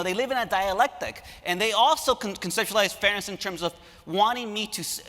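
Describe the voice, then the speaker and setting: Man giving an animated conference talk. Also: sits high. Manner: animated storytelling, engages audience. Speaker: academic speaker. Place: lecture hall stage. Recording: reverberant hall.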